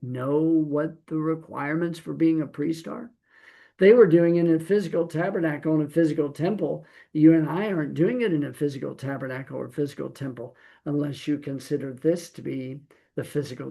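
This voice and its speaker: A middle-aged man giving a Torah teaching as a sermon, animated and acting out quoted voices. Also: a little high, vocal fry.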